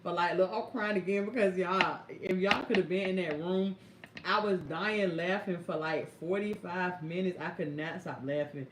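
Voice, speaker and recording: A young woman caregiver telling stories on a live stream, speaking AAVE and talking to viewers in a lively, chatty way. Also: lowish voice, normal speed, background noise. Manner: animated, chatty, addresses viewers as y'all and baby. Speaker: caregiver vlogger. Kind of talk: casual live-stream storytelling. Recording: echoey room.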